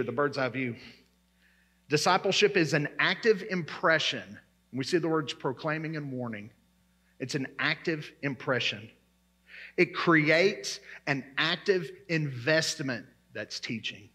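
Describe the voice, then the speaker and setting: A man's voice: fairly high pitch, expressive, measured pace, bright, forceful tone, husky. A man preaching a sermon as pastor, emphatic and repeating his key words.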